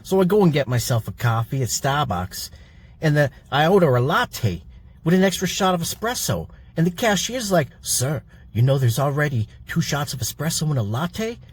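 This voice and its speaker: Brief: male actor as a grumpy coffee-addict ranter, fairly high, breathy edge, crude and exasperated. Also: big pitch swings, normal speed. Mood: grumbling. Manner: crude, exasperated ranting with heavy swearing. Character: grumpy coffee-craving man ranting about Mondays. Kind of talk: comedy sketch video.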